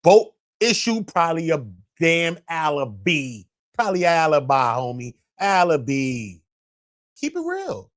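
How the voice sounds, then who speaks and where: A man's voice: very animated, a little slow, a bit bright. A man hosting a live stream, reacting in casual slang with a lot of swearing. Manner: slangy and profane, with big swings of pitch.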